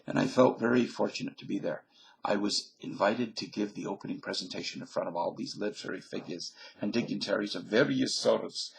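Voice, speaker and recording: A man's voice: on the low side, fairly quick, creaky, breathy edge, rough recording. A man reading an article aloud on his channel, casual and jokey, wandering off into digressions and fussing over pronunciations.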